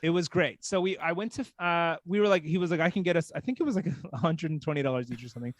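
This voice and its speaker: A man from small-town Texas telling a casual story as a podcast guest, animated and full of "like". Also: fairly high pitch, fast talker, no echo, studio quality. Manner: animated, heavy use of "like".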